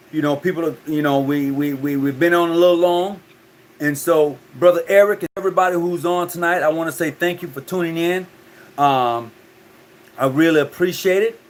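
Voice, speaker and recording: A man hosting a call-in talk show, talking loosely and often repeating his words. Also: a little high.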